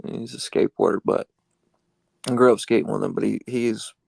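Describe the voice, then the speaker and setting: A man co-hosting a podcast in casual chat, talking haltingly with many fillers. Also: fairly low pitch, steady tone, creaky, darkish tone, no room sound. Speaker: podcast co-host. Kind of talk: casual chat, reading a flyer aloud.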